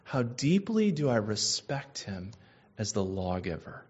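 A man's voice: lowish voice, big pitch swings, unhurried, breathy edge. A man preaching a sermon, asking his listeners probing questions and repeating phrases for emphasis. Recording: muffled lo-fi recording.

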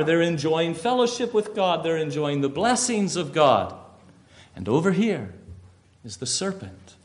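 A pastor preaching a sermon, telling a story emphatically with rhetorical questions. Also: male voice, fairly high pitch.

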